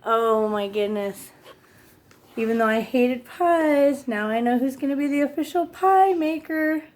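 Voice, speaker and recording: A woman's voice: sits high, animated, a little slow, darkish tone. A woman hosting a casual family vlog, gushing and encouraging in a motherly way. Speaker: family vlog host, parent.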